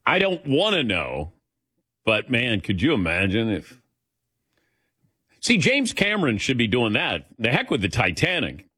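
Lively older male radio host. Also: mid-range voice, a little slow, pauses often, husky, no echo, clean studio sound. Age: 60s. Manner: chatty, laughs often, animated. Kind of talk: call-in radio talk.

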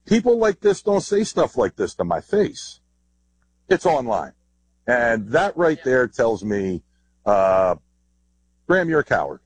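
A military veteran speaking in an interview clip, blunt and defiant. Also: male voice, medium pitch, sing-song, takes it slowly, husky, no room sound, low-quality recording.

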